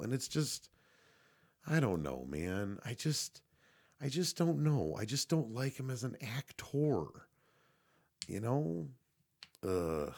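Young guy ranting about a movie, kinda low voice, swears a lot, keeps restarting sentences. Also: a little mellow. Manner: rambling, profane, frequent restarts and fillers. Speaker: movie reviewer. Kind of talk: casual spoken movie review.

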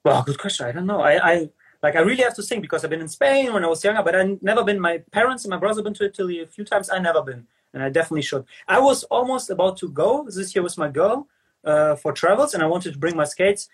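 A young man from Ukraine who grew up speaking Ukrainian and Russian, talking in a casual interview as a guest skater. He talks haltingly, searching for words, and laughs often. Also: high-pitched, expressive, slightly rough. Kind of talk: casual video-call interview.

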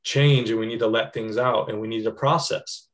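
A man's voice: on the low side, fairly even intonation, normal speed. A man talking earnestly and reflectively in a casual conversation, piling up actions in long flowing lists.

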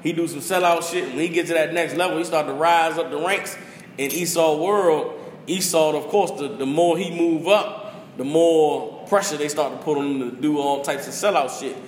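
A man's voice: on the high side, normal speed, echoey room, long reverb tail, slight background noise. A man hosting a casual talk show, animatedly retelling a movie and acting out its lines. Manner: animated storytelling, acts out quotes. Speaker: podcast host. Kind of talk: casual chat, movie rundown.

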